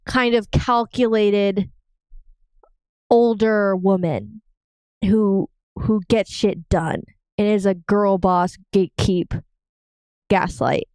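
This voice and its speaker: A woman's voice: mid-range voice, steady tone, slow, long pauses, dark tone, clear, resonant tone, no echo. A woman co-hosting a casual live podcast, playful and teasing, breaking into giggles. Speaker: podcast co-host. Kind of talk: casual live-stream chat.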